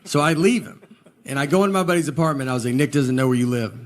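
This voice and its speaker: A man performing a stand-up comedy set, telling stories in a slow deadpan way with hesitant pauses. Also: mid-range voice. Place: live comedy venue with audience. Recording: live show with audience laughter and background noise.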